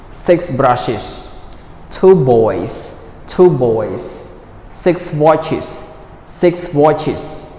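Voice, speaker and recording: A man teaching a recorded grammar lesson for children, speaking slowly and patiently, drilling words and ending points with "right?". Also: on the high side, darkish tone. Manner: slow, patient, drills words and repeats them; ends points with a checking "right?". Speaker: English teacher. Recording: roomy echo, long reverb, faint noise.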